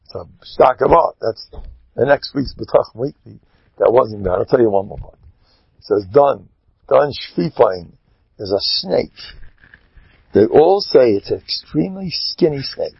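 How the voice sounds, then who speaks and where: A man's voice: medium pitch, gravelly, husky, dry recording. A man who is a rabbi, giving an informal sermon and exhorting his listeners directly in a conversational way, recorded on dull lo-fi audio.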